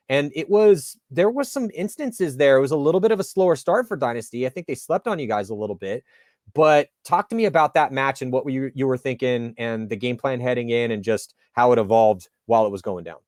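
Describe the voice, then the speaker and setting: A male interviewer talking in a loose, chatty way and leaning into his stories with casual slang. His voice sits at an ordinary middle pitch. The sound is dry and close, with little room around it. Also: a little mellow, dry recording.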